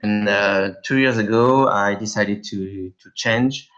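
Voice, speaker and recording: A middle-aged man with a French accent answers interview questions in a low voice, halting and searching for his English words. His audio comes through a little muffled. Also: a bit bright. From France. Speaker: guest, app developer.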